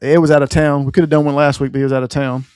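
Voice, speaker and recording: A man's voice: mid-range voice, little pitch movement, rapid-fire, darkish tone, smooth, dry recording, clean studio sound. A man co-hosting a casual gaming podcast, laid-back and teasing, laughing often. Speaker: podcast co-host.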